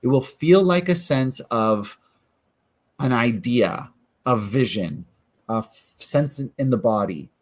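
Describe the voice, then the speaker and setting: A man in the middle of his range, coaching in a calm, guiding manner. He walks listeners through an exercise step by step. He often slips into quoting the questions people ask themselves. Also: medium pitch, slow. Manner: calm, guiding, acts out inner questions in quotes. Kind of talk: guided self-help coaching.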